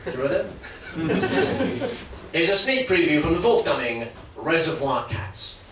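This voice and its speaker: A man doing stand-up comedy, jokey and lively, often slipping into put-on voices. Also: fairly high pitch, a little slow, a little hiss or hum. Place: comedy club stage. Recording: roomy club sound from far off. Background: audience laughter.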